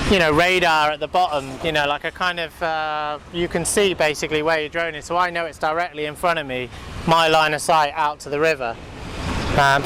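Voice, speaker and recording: Rambling man, higher voice. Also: very noisy. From United Kingdom. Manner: rambling, full of fillers and restarts. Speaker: drone vlogger. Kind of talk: casual running commentary while flying a drone. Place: outdoors by a river.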